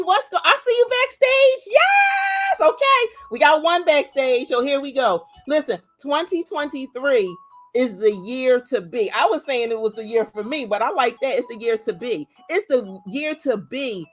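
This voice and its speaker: Fervent woman hosting a faith livestream. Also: high-pitched. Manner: exhorting, repeats words, calls out viewers by name. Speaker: livestream host. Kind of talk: motivational livestream talk.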